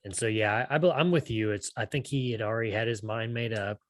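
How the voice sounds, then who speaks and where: A man's voice: lowish voice, fast. A man co-hosting a podcast in casual chat, rambling and restarting with lots of "you know". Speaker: podcast co-host.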